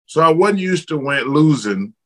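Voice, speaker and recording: A middle-aged man from Alabama, a former basketball player telling blunt, lively stories as a guest in an interview. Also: a little high, moderate pace, rough recording. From Alabama, United States. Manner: lively, blunt storyteller, casual slang. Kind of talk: candid storytelling in an interview.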